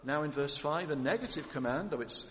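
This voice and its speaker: A man's voice: a little high, lively intonation, a little fast, a bit bright, a little hiss or hum. A man preaching an expository sermon in a church, building to emphatic lists of titles. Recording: echoey hall with long reverb.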